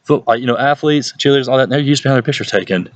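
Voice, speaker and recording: Man, Southern Mississippi accent, youth pastor, casual vlog chat, playful, mid-pitched voice, dry room. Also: racing, dry recording. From Hattiesburg, Mississippi, USA. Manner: chatty and playful, jumps into exaggerated high-pitched voices when quoting people. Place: at home, with his dog nearby.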